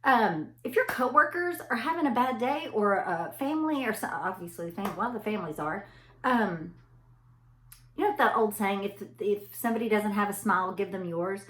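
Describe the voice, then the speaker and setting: Recorded in an echoey room, a middle-aged anesthesia provider delivers a casual motivational talk, telling stories chattily and directly to her audience. Her voice is mid-range and a bit bright, with lively intonation at a moderate pace.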